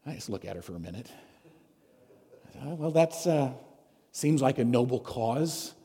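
Storytelling pastor in a reverberant church. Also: male voice, mid-range voice, sing-song, normal speed, warm tone, breathy edge. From United States. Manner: storytelling, conversational, asks the congregation questions. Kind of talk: sermon. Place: church sanctuary. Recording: long reverb of a church hall.

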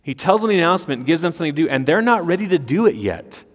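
A man's voice: fairly high pitch, sing-song, rapid-fire. A man preaching an expository sermon, emphatic, with rhetorical questions and repeated words. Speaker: pastor. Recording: long reverb of a large hall.

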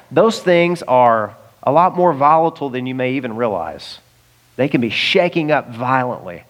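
An American pastor delivers a sermon conversationally, chuckling and making direct asides to his listeners. His voice sits at a medium pitch.

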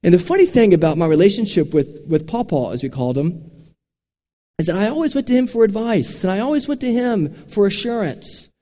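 A man's voice: high voice, expressive, fairly quick, dark tone. A man preaching a sermon, telling stories in an earnest, direct way from a church sanctuary. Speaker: pastor. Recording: long reverb of a large hall.

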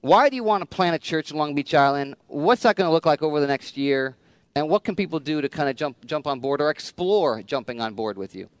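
Smooth-voiced man hosting a church talk. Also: a little high, lively intonation, fairly quick, dry recording. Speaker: pastor hosting a church stream.

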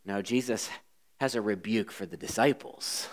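A man preaching a sermon as a pastor, swinging between loud emphasis and hushed asides. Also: on the low side, moderate pace.

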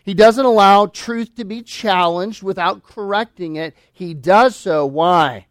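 A man preaching a sermon, emphatic, asking rhetorical questions and swinging between loud declarations and hushed asides. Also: sits high, a little slow, no room sound, clean studio sound. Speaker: pastor.

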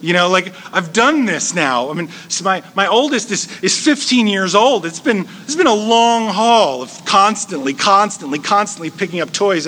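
Man in his forties, pastor, high bright voice, joking conversational sermon. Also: a little hiss or hum. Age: 40s. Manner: joking, chatty, animated storytelling.

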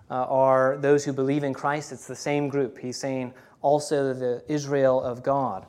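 A man preaching a sermon earnestly, often pausing with "uh" between points. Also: medium pitch, a little mellow. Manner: earnest preaching with many uh fillers. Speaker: pastor.

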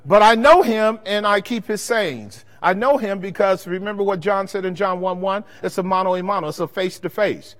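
A man preaches at a Bible study in a high voice, tossing questions to the congregation and letting them answer back. His words ring out with a long reverb, as if from a big hall. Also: brisk, hardly any pauses, a bit bright. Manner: call-and-response questions to the congregation. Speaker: pastor teaching a Bible study. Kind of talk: sermon-style Bible teaching.

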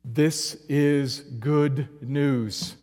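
A man preaching a sermon, earnest and emphatic, moving between loud urging passages and quiet, low ones. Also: steady tone, very slow. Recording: long hall reverb.

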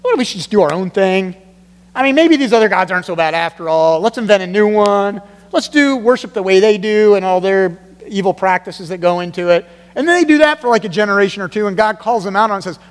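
A man preaching a sermon in a church, animated, acting out the voices he quotes. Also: high voice, fast, in a large hall. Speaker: pastor.

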